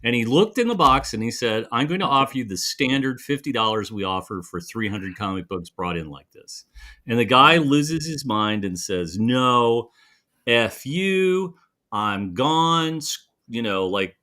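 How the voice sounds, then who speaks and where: A man's voice: lowish voice, normal speed. A man co-hosting a casual live chat show, telling a long anecdote and acting out the people in it. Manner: animated storyteller acting out quoted voices. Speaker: podcast co-host.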